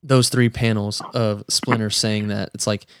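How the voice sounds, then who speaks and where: A man's voice: on the low side, flat delivery, unhurried, a bit bright, clean tone, dry recording, clean studio sound. A man hosting a podcast, chatting enthusiastically about a comic book issue with a guest. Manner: enthusiastic, chatty, lots of "like" and "dude". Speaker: podcast host. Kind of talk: casual comic book review chat.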